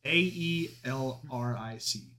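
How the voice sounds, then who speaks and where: A young man in the middle of a tabletop game session, talking loosely with friends at an ordinary pitch. He laughs constantly and drops curse words without a second thought. His delivery is casual and unpolished. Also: takes it slowly, sharp tone. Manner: laughs a lot, swears casually. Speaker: player creating a paladin. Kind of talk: casual chat.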